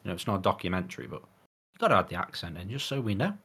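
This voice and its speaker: A man's voice: low voice, lively intonation, rapid-fire, pushed and bright, husky. A man co-hosting a podcast, rambling in casual chat with tag questions and hearty laughs. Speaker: podcast co-host.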